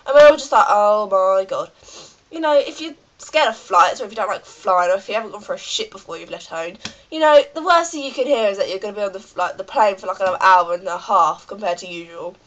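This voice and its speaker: A woman's voice: mid-range voice, animated, quick pace, a bit bright, dull audio. A British woman with a cold, ranting in a rambling, chatty vlog full of fillers. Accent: British English. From Britain. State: has a cold. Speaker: vlogger.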